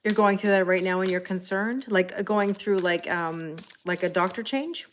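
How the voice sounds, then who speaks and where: A middle-aged woman reading tarot on a livestream, chatting casually, greeting viewers by name and filling pauses with ums and soft laughs. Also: mid-range voice, slight background noise. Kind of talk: live-stream casual chat.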